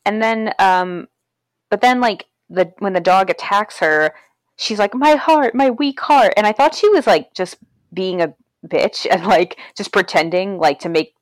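A woman's voice: mid-range voice, unhurried, no echo. A woman casually talking through a movie's scenes, laughing often and acting out the lines. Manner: chatty, laughs often, retells scenes with quoted voices. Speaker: podcast co-host.

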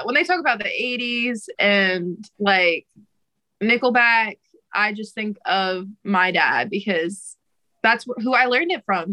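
A young woman with a bright, forceful voice chats as a podcast guest. She is a singer who talks loosely, laughs often and swears in casual slang. Her pitch sits in the middle range for a woman. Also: rough recording. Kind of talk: casual interview chat.

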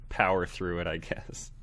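A man's voice: low voice, fairly bright tone. Sniffly, laid-back male podcaster. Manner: laid-back, self-deprecating, laughing often. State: sick and sniffly. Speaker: podcast co-host. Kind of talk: casual podcast chat.

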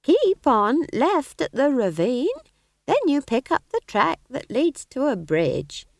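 A woman's voice: sits high, huge pitch swings, slow, creaky, no room sound, clean studio sound, pitched above the performer's own voice, exaggerated voice. A woman voicing an earthy, cheerful old witch who talks in a blunt, chatty way for an audiobook. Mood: cheeky. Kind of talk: audiobook character voice.

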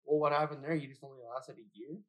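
A man's voice: fairly high pitch, little pitch movement, fast, fairly bright tone. A man co-hosting a casual podcast, joking and repeating himself. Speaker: podcast co-host. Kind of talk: casual chat.

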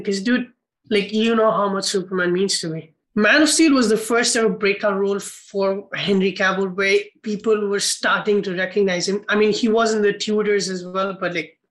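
A man's voice: sits high, a bit bright, poor audio. A man co-hosting a film podcast, casual and heated, swearing and rambling with many restarts. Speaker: podcast co-host.

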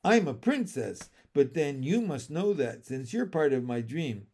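A dreamy young storybook princess who gasps and flutters through every line, as a male narrator puts her on. Her voice swoops up and down in lively leaps, and she speaks slowly, as if every word catches her off guard. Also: on the high side, full character voice. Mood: flustered. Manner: breathless, flustered exclamations. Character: flustered young human princess, shy and dreamy.

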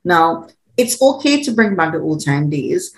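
A woman, talking as a parenting coach in an animated, laughing way. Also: deep voice, a little slow, rough recording. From Trinidad. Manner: animated, laughs often, repeats words when excited. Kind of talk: conversational interview.

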